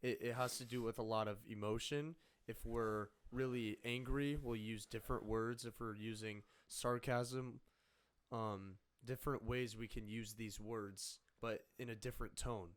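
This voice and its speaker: Teen guy hosting a chat, stumbles over words a lot, gets loud doing examples. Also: mid-range voice. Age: teenager. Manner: halting, repeats words, animated when acting out examples. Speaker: podcast host. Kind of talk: casual interview chat.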